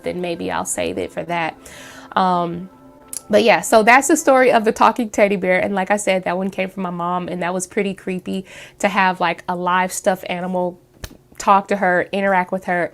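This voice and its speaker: At home in front of the camera, a woman who runs her own channel tells a story in a loose, meandering way, full of fillers and false starts. Her voice is fairly low and creaky.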